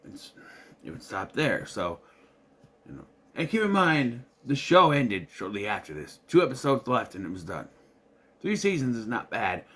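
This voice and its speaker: A man's voice: medium pitch, very animated, moderate pace, pushed and bright, slightly rough. A man from southern Minnesota giving a casual, rambling review of a movie, full of restarts and the occasional curse. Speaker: video reviewer.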